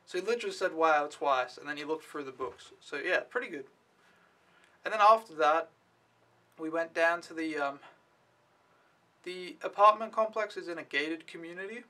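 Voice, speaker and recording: A man's voice: a little high, normal speed, long pauses, pushed and bright. A young man telling his day in a casual vlog, rambling and offhand, swearing freely. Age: young adult. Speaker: au pair vlogger.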